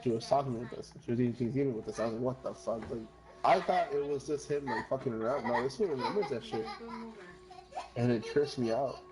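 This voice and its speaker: A woman's voice: very deep voice, brisk. A woman, telling a long rambling story with lots of swearing and some Spanish while gaming. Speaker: streamer. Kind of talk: casual chat while gaming.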